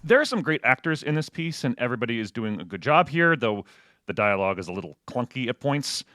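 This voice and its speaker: A man's voice: mid-range voice, sing-song, background noise. Man giving a playful film critique. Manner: measured critique with playful interjections. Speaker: podcast co-host. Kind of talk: casual podcast film critique.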